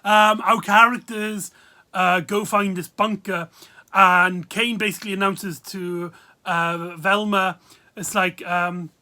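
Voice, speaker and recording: Reviewer rambling on, lots of ums and likes, bright sharp voice. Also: mid-range voice, fairly even intonation, takes it slowly. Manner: rambling, full of fillers and laughs. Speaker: video reviewer. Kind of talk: casual spoken review.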